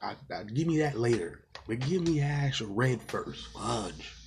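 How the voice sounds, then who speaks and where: A man's voice: mid-range voice, animated, measured pace, darkish tone, a little hiss or hum. A man giving a casual, exasperated movie review, rambling with fillers and swearing often. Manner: rambling with many fillers and restarts.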